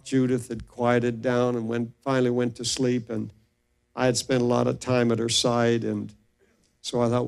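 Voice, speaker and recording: A man's voice: medium pitch, gravelly, a little mellow. An older man, a pastor, telling stories in an earnest, emotional sermon and often restarting his sentences. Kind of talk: sermon storytelling.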